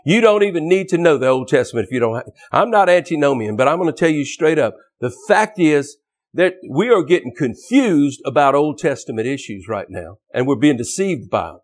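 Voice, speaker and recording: A man's voice: a little high, big pitch swings, fairly quick. A man preaching a fervent, emphatic sermon, often restarting and repeating words as he drives his points home.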